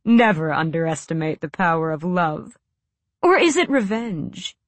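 A woman reading an audiobook voices a cool, bored, cruel male villain who speaks with soft, slow, silky menace. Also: lowish voice, big pitch swings, no room sound. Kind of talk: audiobook character voice.

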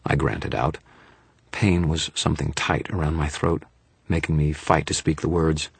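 Male audiobook narrator, grim and dramatic, extremely deep and gravelly-husky, dry. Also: steady tone, moderate pace, no echo. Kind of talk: first-person fantasy audiobook narration.

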